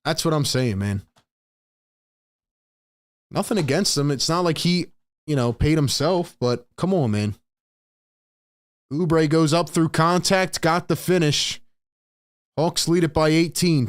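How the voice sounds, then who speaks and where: A young American man with a fairly high voice calls the plays on a live stream and vents to the chat. He talks in blunt, casual slang, frustrated and direct. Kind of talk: live play-by-play and reaction stream.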